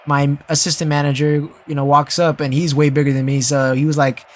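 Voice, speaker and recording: A man's voice: on the high side, flat delivery, a little fast. A young man telling a casual story as a vlogger, rambling with lots of fillers and restarts and swearing freely.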